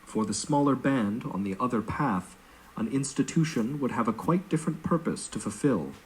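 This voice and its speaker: A man reading a philosophical text aloud in measured, formal scripted narration, played back as a recording. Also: mid-range voice, animated, slight background noise, low-quality recording.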